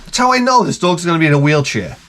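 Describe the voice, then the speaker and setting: Guy ranting funny stories, swears a lot, voice jumps all over, kinda high. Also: fast, a little hiss or hum. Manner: animated, profane, exaggerated, jumps into quoted voices. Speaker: channel host. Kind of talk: casual comedic storytelling rant.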